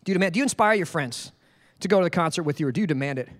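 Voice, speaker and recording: A male pastor preaching a sermon in an animated, jokey way. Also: on the high side, racing, long reverb tail. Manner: animated, jokey, acts out quoted voices.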